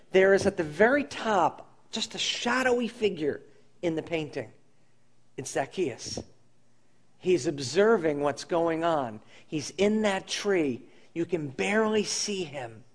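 High-voiced man preaching. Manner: storytelling, earnest, dropping to a soft intimate tone. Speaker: pastor. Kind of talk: sermon.

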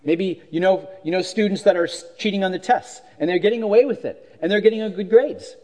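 A man's voice: high voice, brisk, warm tone. A man preaching a sermon, reading a passage aloud and talking it through in a conversational way, with many rhetorical questions and restarts. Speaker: pastor.

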